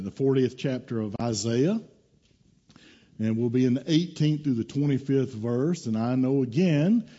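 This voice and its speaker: A man's voice: medium pitch, dark tone, muffled recording. A male pastor preaching a casual, folksy sermon in a church, teasing staff and telling stories.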